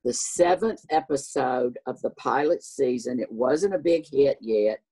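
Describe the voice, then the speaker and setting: An older man with a Southern US accent and a high voice often taken for a woman's, telling stories in a lively way and acting out the voices. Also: measured pace, slightly rough. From American South. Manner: animated, acts out voices in his stories. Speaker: guest. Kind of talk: casual anecdotal storytelling.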